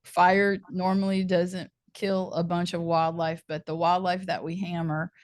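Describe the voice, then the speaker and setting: A woman hosting a podcast, chatty and animated, laughing often as she talks. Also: on the low side, measured pace, no room sound, clean studio sound. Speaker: podcast host. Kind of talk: podcast interview.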